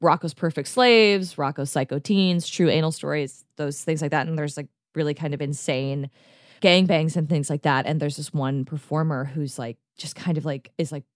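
A woman's voice: low-pitched, moderate pace, no room sound, clean studio sound. A woman co-hosting a casual podcast, telling stories with enthusiasm and many filler words, acting out what people said. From United States. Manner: enthusiastic, rambling storyteller, many "like" fillers, acts out quotes. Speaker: podcast co-host.

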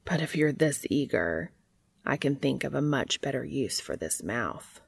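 A woman voicing a teasing adult man with a husky, low, soft voice in a story reading. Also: sing-song, a little slow, exaggerated voice.

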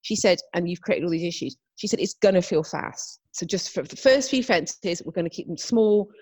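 A woman's voice: lowish voice, moderate pace, slightly rough, dry recording. A young woman chatting casually as podcast co-host, telling stories with lots of acted-out quotes. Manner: animated storytelling, acts out quotes. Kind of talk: casual chat.

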